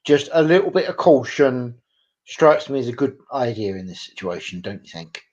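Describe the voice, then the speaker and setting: A man's voice: mid-range voice, sing-song, normal speed, a little mellow. A man co-hosting a casual chat, dry and joking. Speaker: co-host. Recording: muffled lo-fi mic.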